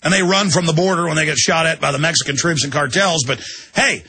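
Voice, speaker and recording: A man's voice: fairly high pitch, quick pace, pushed and bright, husky. A man hosting a radio show, delivering an indignant ranting monologue and acting out quotes in shifting voices. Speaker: radio host.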